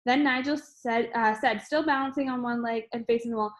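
A woman's voice: a little high, steady tone, fairly quick, few pauses. A woman narrating a children's novel aloud, reading steadily with occasional slips and fillers. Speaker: audiobook reader. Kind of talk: storybook narration.

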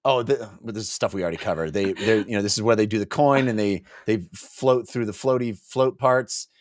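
A man's voice: lowish voice, fairly quick, no echo, clean studio sound. A man co-hosting a casual book discussion podcast, rambling and playful, with many fillers. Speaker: podcast co-host.

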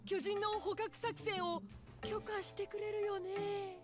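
An actress voicing an excitable, eccentric young female scientist in a game, wheedling and whooping. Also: very high voice, normal speed. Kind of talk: Japanese anime game voice acting. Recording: game audio with loud music.

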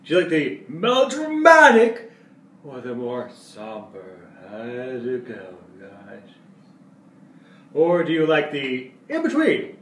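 A male vlogger talking casually to camera in a playful way, jumping between loud outbursts and quiet asides. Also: medium pitch, wildly swooping pitch, slow, distant mic. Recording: echoey room, away from mic.

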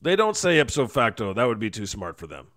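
A man's voice: medium pitch, big pitch swings, a little fast, a bit bright, no room sound. A man co-hosting a comedy podcast, trading sardonic jokes in casual banter on a close, dry mic. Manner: sardonic, wry put-downs. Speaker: podcast co-host.

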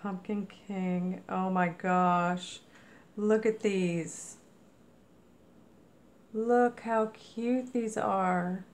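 A woman's voice: medium pitch, steady tone, very slow, pauses often. A woman narrating a craft mail unboxing in a casual, gushing way, exclaiming often over each item. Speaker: crafting vlogger.

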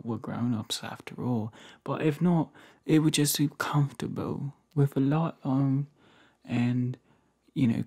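Man, put-on London accent, whispered role-play, gravelly, husky, flirty, close mic. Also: mid-range voice. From United States. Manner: playful, flirty, rambling, soft-spoken. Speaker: ASMR creator.

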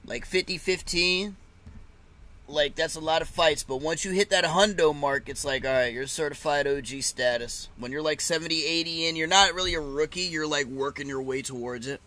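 Man, live fight reaction streamer, bright forceful voice, loose swearing chatter. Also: a little high, moderate pace. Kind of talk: casual live reaction chat.

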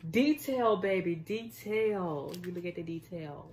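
A woman's voice: fairly low pitch, animated, a little slow, a little mellow. A woman filming a casual unboxing on her phone, gushing, laughing and repeating herself as she chats. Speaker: vlogger unboxing makeup. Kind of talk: casual excited unboxing chat. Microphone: phone camera.

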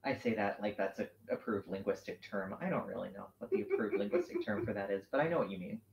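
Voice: deep voice, sing-song, quick pace, vocal fry, darkish tone. A host chats casually while sewing, wandering through thoughts and restarting sentences with small laughs. The sound is muffled and roomy, like a home stream. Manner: rambling, self-correcting, laughs easily.

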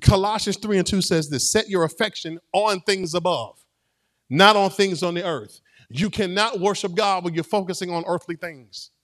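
A man's voice: high voice, moderate pace, fairly bright tone. A man preaching a sermon as pastor, conversational and playful, with call-and-response to the congregation.

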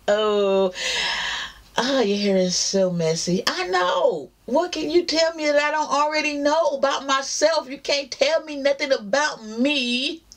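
A woman with a Southern US accent chatting casually to her camera at home, drawling asides to her viewers. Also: medium pitch. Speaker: vlogger. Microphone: camera mounted up high.

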